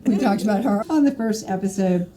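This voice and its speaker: A woman from Mississippi, hosting a casual podcast interview and telling stories in an animated way, laughing often. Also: mid-range voice, brisk, a little hiss or hum. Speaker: podcast host.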